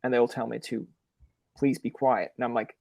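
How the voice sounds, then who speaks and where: A young man hosting a podcast, chatting casually and telling stories with lively acted-out quotes, from a room in his parents' house. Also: medium pitch, brisk, creaky, dry recording. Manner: animated storyteller who acts out quoted lines. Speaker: podcast host. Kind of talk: casual chat.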